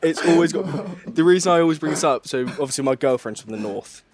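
A man's voice: a little high, lively intonation, creaky, a crowd in the background. A young man from England, hosting a podcast in casual, jokey chat over a remote call. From southern England. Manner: jokey, chatty banter, quick to laugh. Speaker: podcast host.

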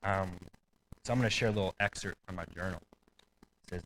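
A man's voice: low voice, fast talker, long pauses, fairly bright tone, a little hiss or hum, rough recording. A man preaching a sermon in a casual, conversational way, with asides and light laughter. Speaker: pastor.

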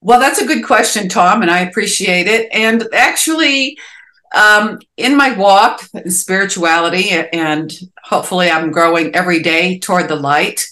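A woman's voice: fairly low pitch, normal speed, pushed and bright. A woman with a Boston accent, a musician guest chatting in a podcast interview, rambling and leaning on "you know" fillers.

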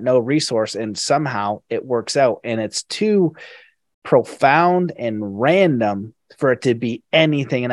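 A man's voice: mid-range voice, no room sound. Earnest man hosting, dry close sound. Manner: earnest, reflective, with many fillers and excited quoted exclamations. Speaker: podcast host. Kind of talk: casual interview chat.

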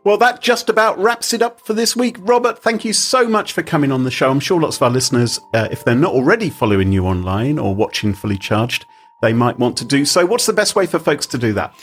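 Brief: man, podcast host, brisk upbeat sign-off, lively pitch. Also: slightly rough. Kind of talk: show wrap-up.

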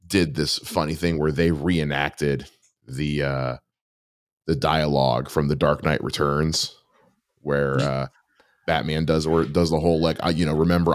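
A man co-hosting a podcast in casual chat, talking haltingly with many fillers. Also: a bass voice, no echo, studio quality. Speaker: podcast co-host.

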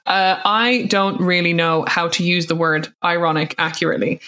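A young woman co-hosting a podcast, chatting and ranting playfully with animated quoted voices. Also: fairly low pitch, fast talker, hardly any pauses. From Ireland. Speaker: podcast co-host. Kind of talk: casual chat. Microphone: home recording.

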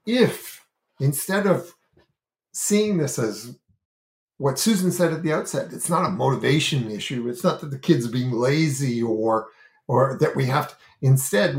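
A man talks through an idea in an earnest, explanatory way, often stopping and restarting with "you know" fillers as he thinks aloud. His voice sits at a middling pitch. The room gives it a noticeable echo. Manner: emphatic, gesturing with his hands while explaining. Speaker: parenting and self-regulation educator. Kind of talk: explanatory talk-show discussion.

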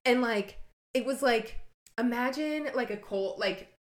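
A woman's voice: a little high, unhurried. A young woman from Ohio co-hosting a podcast, chatting casually with lots of fillers and putting on accents now and then. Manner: chatty, many fillers, puts on accents while telling stories. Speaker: podcast co-host. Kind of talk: casual chat.

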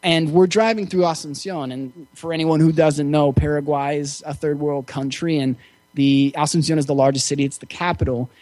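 A man's voice: on the high side, steady tone, moderate pace, darkish tone, dry recording. Easygoing man telling a story, dry sound. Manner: reflective, easygoing, with frequent fillers. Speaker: interview guest. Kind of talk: casual storytelling.

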